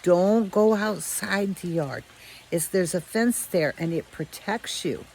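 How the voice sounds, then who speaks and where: Woman doing a slow, earnest young boy. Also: fairly low pitch, gravelly, darkish tone, slightly rough, full character voice, poor audio. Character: caring young boy warning his dog.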